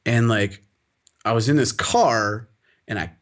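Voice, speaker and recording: A young man co-hosting a podcast, telling stories in a profane, animated way and laughing often. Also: medium pitch, unhurried. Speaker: podcast co-host. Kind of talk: casual chat.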